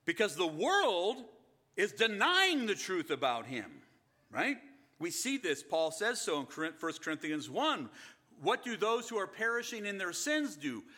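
Man, pastor, high bright voice, emphatic sermon delivery, rhetorical questions. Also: sing-song, a little slow.

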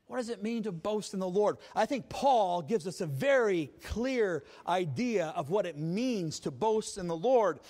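A man preaching a Sunday sermon as pastor, emphatic and swinging between quiet passages and loud ones. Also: sits high, lively intonation, measured pace, hardly any pauses.

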